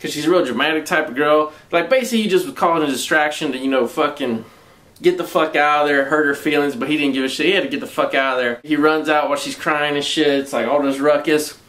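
A man's voice: on the high side, quick pace, fairly bright tone. A man with a Southern US accent reviewing a movie in a rambling, casual way, swearing constantly and using slang.

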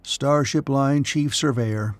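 A man's voice: on the high side, moderate pace, gravelly, a little mellow, no room sound, soft background music. A man voicing a worn-out engineer who speaks wearily and with irritation. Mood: weary. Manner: tired, weary delivery. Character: weary, irritable male engineer.

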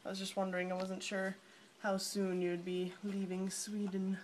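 A young woman talks into her phone camera at arm's length, chatty and giggly, rambling from one thought to the next. Her voice sits at an ordinary middle pitch. A faint hiss and room ambience hang behind her. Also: monotone, normal speed, darkish tone. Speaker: vlogger. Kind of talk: casual vlog chat to friends.

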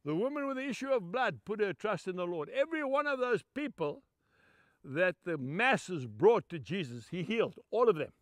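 A man's voice: sits high, sing-song, moderate pace, no room sound, studio quality. An older man from Zimbabwe, preaching a sermon through emphatic, heartfelt storytelling.

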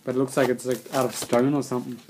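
A man's voice: mid-range voice, flat delivery, fast talker, darkish tone, a little hiss or hum. A young man, unboxing a subscription box, rambling and swearing casually as he mutters to himself.

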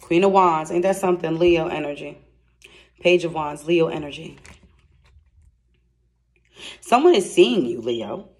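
A woman giving a casual tarot reading to camera, excitable and chatty, blunt and slangy, speaking straight to her viewers. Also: deep voice, unhurried, pauses often. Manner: excitable and chatty, laughs and exclaims. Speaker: tarot card reader.

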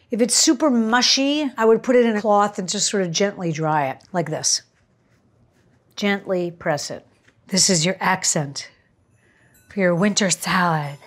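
A woman hosting a cooking show, chatting to viewers in a gushing, casual way as she demonstrates a recipe. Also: mid-range voice.

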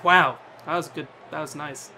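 A man's voice: fairly high pitch, steady tone, normal speed, bright, forceful tone, a little hiss or hum. A man giving casual commentary as he plays a cricket video game, bantering, swearing and talking to his player on screen.

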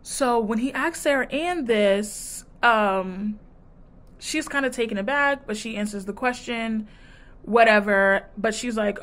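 A woman's voice: fairly high pitch, measured pace. Sassy woman recapping a show. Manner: sassy, animated storytelling with mimicked quotes. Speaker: vlogger reviewing a dating show. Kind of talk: casual chat.

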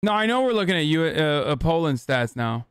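A male streamer reacting live in casual, sarcastic banter, full of swearing. His voice sits high for a man and sounds smooth and resonant. The sound is dry and close on the mic. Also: big pitch swings, fairly bright tone, no echo. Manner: profane, sarcastic, rapid-fire.

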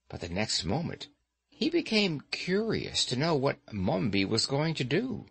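A man narrating an audiobook with lively, expressive storytelling. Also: mid-range voice, a little slow, vocal fry, slightly rough. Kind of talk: scripted narration.

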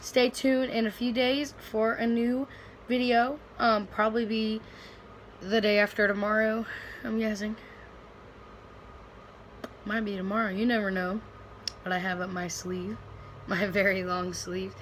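A woman's voice: medium pitch, level tone, a little slow, pauses often, rough recording. Young woman vlogging at home, rambly, lots of um and like, bit of faint room noise. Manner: rambling, chatty, lots of fillers and restarts. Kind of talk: casual vlog chat. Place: at home, indoors.

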